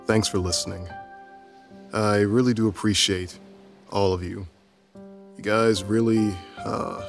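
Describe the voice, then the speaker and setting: A man's voice: deep voice, vocal fry. A man playing a tabletop role-playing game, talking casually and stammering when flustered. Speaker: player. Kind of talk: in-character tabletop role-play.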